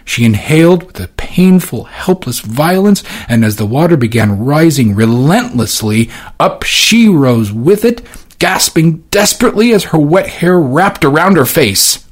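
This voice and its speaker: A man's voice: a little high, very animated, a little slow. A man giving dramatic scripted narration of a novel as an audiobook narrator. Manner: dramatic, swinging delivery.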